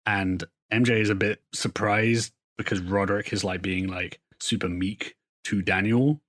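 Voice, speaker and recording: A man's voice: lowish voice, steady tone, fairly bright tone. A man co-hosting a podcast, recapping comic book plots in a rambling, profane, casual way. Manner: rambling, profane storytelling with quick put-on quotes. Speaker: podcast co-host.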